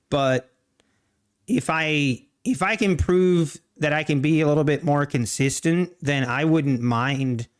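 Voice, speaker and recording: A man hosts a live trading stream in a smooth, fairly high voice, talking slowly into a desk mic. He speaks in a halting way, restarting his sentences, and keeps clearing his throat between thoughts. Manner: slow, halting, many restarts, answers chat. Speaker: livestream day-trading host. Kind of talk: casual live-stream chat.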